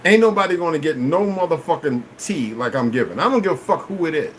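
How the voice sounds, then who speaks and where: A man ranting on a livestream, cursing a lot and swinging between loud outbursts and low mutters. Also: expressive, fast, slight background noise, low-quality recording. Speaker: livestream host. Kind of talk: rambling livestream rant.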